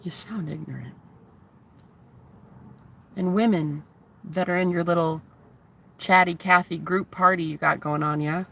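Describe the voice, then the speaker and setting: Gravelly thirties woman, bright tense tone, angry vlog rant, faint hum behind. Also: fairly low pitch, steady tone, normal speed. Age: 30s. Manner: heated, profane, taunting. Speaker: spiritual vlogger.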